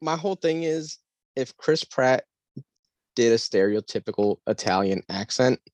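A man co-hosting a pop-culture podcast in casual chat, talking in an animated way and laughing easily. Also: medium pitch, unhurried, dry recording. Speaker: podcast co-host.

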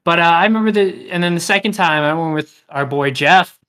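A young man co-hosts a podcast in loose, rambling chat, swearing freely and laughing along. His voice sits a little high and sounds bright and forward. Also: fairly quick. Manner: rambling, profane, laughs often. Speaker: podcast co-host. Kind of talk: casual chat.

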